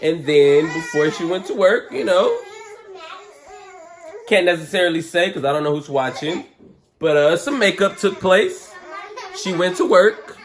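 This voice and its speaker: A man's voice: sits high, lively intonation, measured pace, pauses often, slight background noise. A man in his twenties chatting casually on a vlog, laid-back and joking with a slightly boastful tone. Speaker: vlogger, co-host. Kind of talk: casual storytelling.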